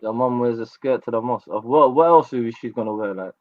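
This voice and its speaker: A man calls into a panel chat and takes everything in a laid-back, dismissive way. His voice is mid-pitched and comes through a dull, lo-fi line. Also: brisk. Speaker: panel guest. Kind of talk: casual chat.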